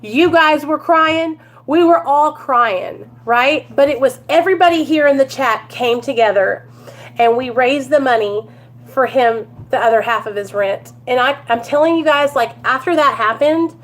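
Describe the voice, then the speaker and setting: A woman's voice: high voice, normal speed. A woman chatting at home to her viewers, telling a story and calling them you guys and y'all. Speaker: recovery vlogger.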